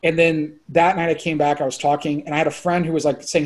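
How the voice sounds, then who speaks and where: A man around forty, a filmmaker guest chatting on a podcast, excitable and rambling, full of "like" and casual swearing. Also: a little high, fast talker.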